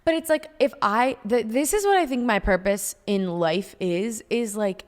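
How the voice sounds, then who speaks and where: A woman's voice: a little high, normal speed. Swearing woman podcast host, echoey. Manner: candid, swears freely. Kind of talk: casual chat. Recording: room with long reverb.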